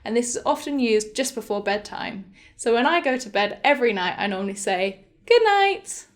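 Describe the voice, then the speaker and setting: A young woman teaching a beginner English lesson, speaking slowly and clearly and modelling example phrases. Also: fairly high pitch. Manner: slow, clear, demonstrative pronunciation of example phrases.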